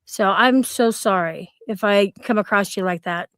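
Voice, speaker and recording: A woman co-hosting a livestream, passionate and apologetic, quick to flare up in casual chat. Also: mid-range voice, a bit bright, clean tone, dry recording. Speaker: livestream co-host.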